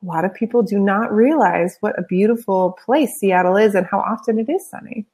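A woman's voice: mid-range voice, a little fast, a little mellow. A woman co-hosting a live webinar, upbeat and chatty, with frequent fillers. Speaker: webinar co-host. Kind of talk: casual webinar chat.

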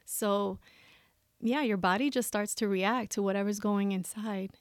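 A woman speaking openly about her grief as a guest in a conversation, expressive and laughing often. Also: medium pitch, measured pace, smooth, dry recording, studio quality.

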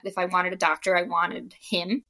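Chatty woman with a bright voice. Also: lowish voice, normal speed. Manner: animated, acts out quoted dialogue, frequent "like". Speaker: podcast guest. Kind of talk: casual storytelling.

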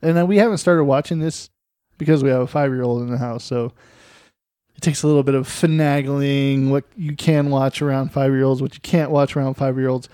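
A man's voice: mid-range voice, fairly even intonation, a little fast, dark tone, clear, resonant tone, no echo, studio quality. A man co-hosting a casual podcast chat, crude and joking, laughing often. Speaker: podcast co-host.

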